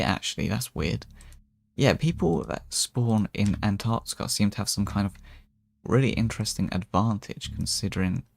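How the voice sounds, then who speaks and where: A VTuber streamer plays a strategy game in character, offering casual commentary in a low, gravelly male voice. He rambles, keeps restarting sentences, and his delivery stays loose and relaxed.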